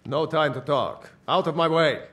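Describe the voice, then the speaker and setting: A man's voice: a little high, normal speed, a bit bright, natural voice. A man playing a brusque, hostile courier in a video game, curt and dismissive.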